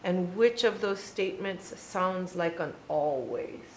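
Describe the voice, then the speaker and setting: A woman's voice: lowish voice, takes it slowly. A woman helping a student through a reading lesson. She asks questions and encourages the answers. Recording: echoey room with faint noise.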